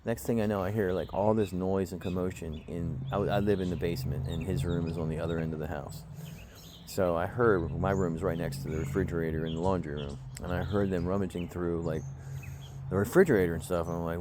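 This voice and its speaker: Out in the woods, a vlogger with a deep voice tells the camera a long, aggrieved story, blunt and full of swearing, in a casual storytelling rant. He talks briskly with fairly even intonation, and background noise is audible.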